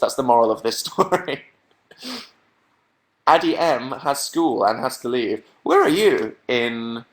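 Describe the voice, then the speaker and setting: A man's voice: mid-range voice, fairly bright tone. A man hosting a casual live stream from home, chatting in a rambling, self-mocking way into a webcam mic.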